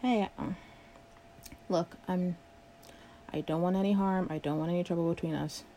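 A woman's voice: lowish voice, steady tone, moderate pace, dark tone, slight background noise. Sarcastic, exasperated young woman. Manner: sarcastic and exasperated, swears a lot. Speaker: coworker doing a project with the listener. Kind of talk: one-sided audio role-play.

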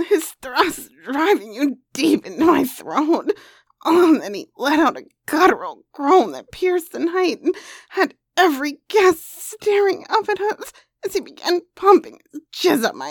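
Breathy, slow high-voiced woman. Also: no echo. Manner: breathy, moaning, drifting into whispers. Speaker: erotic audio narrator. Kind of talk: explicit erotic role-play narration.

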